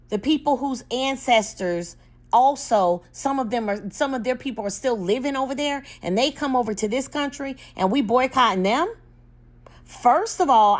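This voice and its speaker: A woman giving an incredulous rant, counting her points off one by one. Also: fairly high pitch. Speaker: commentator. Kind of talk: opinion rant.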